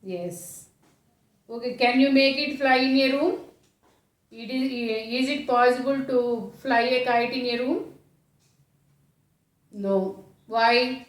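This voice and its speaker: Indian woman teaching small children. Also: sits high. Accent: Indian English. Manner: asks questions and answers them herself, repeats key phrases. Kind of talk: classroom science lesson for small children. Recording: echoey room, voice from a distance.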